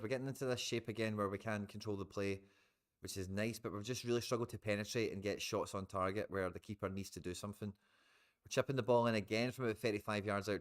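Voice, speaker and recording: Scottish male streamer, lowish pitch, casual live match commentary, informal and chatty with viewers. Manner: chatty, swears, talks to viewers as guys. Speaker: live football watchalong streamer.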